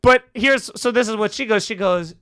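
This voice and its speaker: A man's voice: sits high, normal speed, clear, resonant tone, no room sound, studio quality. A young man, a comedian hosting a podcast, telling a funny story and acting out the voices of the people in it. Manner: animated, acts out quoted voices.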